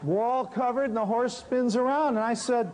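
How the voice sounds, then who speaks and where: A man telling a lively story about his work as an herbal healer, acting out the people he quotes. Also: very high-pitched, normal speed, low-quality recording. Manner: animated storyteller, acts out quotes. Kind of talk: storytelling talk.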